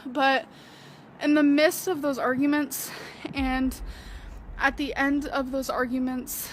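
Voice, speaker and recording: A woman talking in a casual vlog, rambling and halting as she gets emotional. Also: sits high, fairly bright tone, slight background noise. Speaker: vlogger in archive clip.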